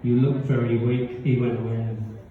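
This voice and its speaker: A man's voice: medium pitch, fairly even intonation, moderate pace, noisy background. A man telling rambling stand-up jokes at a pub gig, laughing at his own punchlines. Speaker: stand-up comedian. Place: pub function room with live audience. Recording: echoey, distant, dull audience recording.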